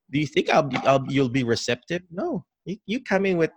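With a medium-pitched voice at normal speed and no room sound, a man is interviewed on a podcast call about his work as a dementia care educator. He's animated, keeps restarting, and acts out how caregivers say hello to patients.

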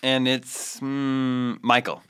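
A man's voice: mid-range voice, fairly even intonation, slow, a bit bright, a little hiss or hum. A man reading a listener's email aloud on a casual podcast, with playful asides.

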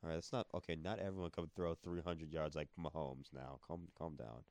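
Very deep, smooth-voiced man asking questions. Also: fairly even intonation, a little fast, darkish tone, no echo. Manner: asks long winding questions, defends his team. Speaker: sports talk co-host. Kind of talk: casual sports debate.

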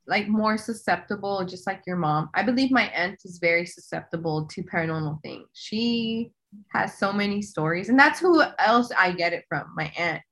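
A woman, a guest on a podcast, telling family stories in a relaxed, casual way with fillers. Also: medium pitch, normal speed. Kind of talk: casual storytelling.

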